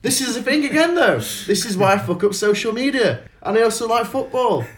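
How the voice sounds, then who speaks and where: A man's voice: very high-pitched, expressive, brisk. Rambling man hosting a podcast. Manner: rambling, self-mocking, laughs a lot. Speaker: podcast host. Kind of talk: casual chat.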